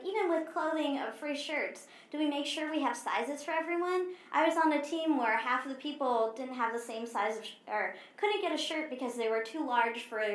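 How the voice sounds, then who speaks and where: High-voiced woman speaking in an echoey hall. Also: fairly bright tone. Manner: earnest, conversational, acts out quoted remarks. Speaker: conference speaker. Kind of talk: conference talk. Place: conference stage.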